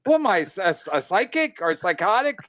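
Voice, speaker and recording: A man's voice: high-pitched, sing-song, a little fast, a bit bright, no room sound. A man hosting a casual comedy podcast, ranting and swearing with stammering restarts. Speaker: comedian host.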